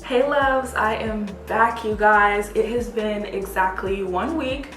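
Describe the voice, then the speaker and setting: A woman's voice: medium pitch, slow, fairly bright tone. A young adult woman chatting casually to camera as a vlogger, with lots of "like" and "you guys". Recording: echoey room, faint background music.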